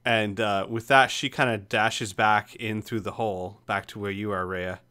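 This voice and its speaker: Man game master narrating a tabletop game, relaxed, lowish voice. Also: moderate pace, clean tone. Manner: relaxed, with fillers and laughter.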